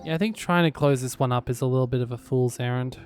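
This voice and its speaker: A man giving relaxed gameplay commentary, muttering to himself with dry, sarcastic asides. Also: medium pitch, quick pace, faint music behind. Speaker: gaming YouTuber.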